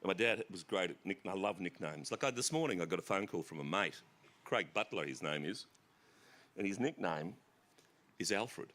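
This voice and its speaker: Animated Australian man telling stories. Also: deep voice, normal speed. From South East Queensland, Australia. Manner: animated, bursts into shouted impressions and laughter. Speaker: author guest. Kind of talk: storytelling on a festival stage. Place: outdoor festival stage.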